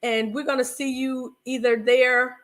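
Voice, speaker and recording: A woman's voice: sits high, level tone, unhurried, fairly bright tone. A woman with a Southern US accent from North Carolina, co-hosting a marriage talk show in a chatty, laughing way, calling her viewers y'all. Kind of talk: casual livestream chat.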